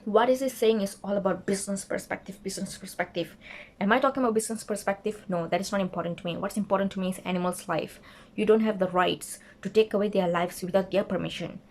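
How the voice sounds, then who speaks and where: A young woman, telling a dating story in a casual vlog and acting out the quotes with an animated, indignant manner. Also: mid-range voice, quick pace. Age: young adult. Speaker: vlogger.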